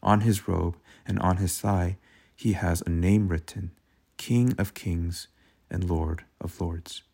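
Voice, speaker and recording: A man reading a Bible passage aloud as a daily devotion, in a measured, steady voice. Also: sits low, gravelly, slightly rough. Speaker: devotional reader. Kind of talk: scripture reading.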